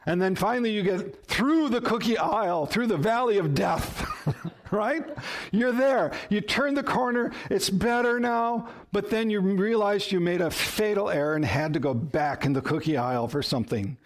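A pastor giving an animated sermon, telling stories and asking the congregation questions. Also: male voice, high-pitched, moderate pace. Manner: animated storytelling with audience questions.

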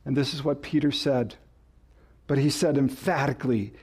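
A man's voice: medium pitch, fairly even intonation, moderate pace, darkish tone, slightly rough. A male pastor preaching a sermon, rising and falling sharply for emphasis and asking the congregation questions.

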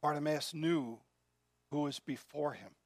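A man preaching a sermon in an earnest way, often dropping to a soft, quiet voice. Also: fairly high pitch, measured pace, dry recording, studio quality. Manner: earnest, drops to soft quiet tones when moved. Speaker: pastor.

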